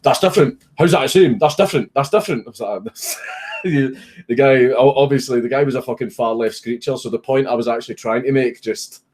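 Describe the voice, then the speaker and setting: A young Scottish streamer casually tells a story, swearing a lot and laughing at his own punchlines. His voice is medium in pitch with a darkish tone, and he talks briskly.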